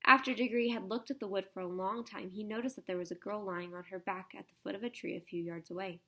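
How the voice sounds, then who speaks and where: Female audiobook narrator, mid-pitched, gravelly, measured. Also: steady tone. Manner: soft, measured storytelling. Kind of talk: storybook narration.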